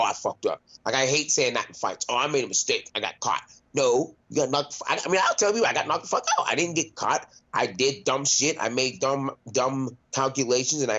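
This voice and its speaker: A man's voice: mid-range voice, a bit bright. A young man, a fighter, talking in a casual interview. He is blunt and profane, fills his speech with "like", and often restarts his sentences. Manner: blunt and profane, heavy use of "like", frequent restarts. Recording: dull, lo-fi sound.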